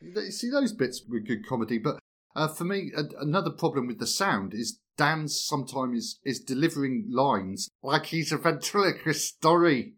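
A man's voice: on the high side, animated, normal speed, a bit bright. A man co-hosting a podcast, speaking hesitantly with frequent restarts. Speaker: podcast co-host. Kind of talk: casual podcast discussion.

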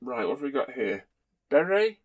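A man's voice: mid-range voice, very animated, normal speed. A man hosting a podcast, telling fond, rambling stories with playful asides. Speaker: podcast host. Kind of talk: casual chat.

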